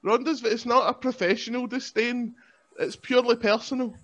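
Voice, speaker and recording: A man's voice: very high voice, fairly even intonation, normal speed, a bit bright. A man with a Scottish accent chatting as a podcast guest, joking and rambling in a self-mocking way. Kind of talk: casual chat. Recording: lo-fi, dull sound.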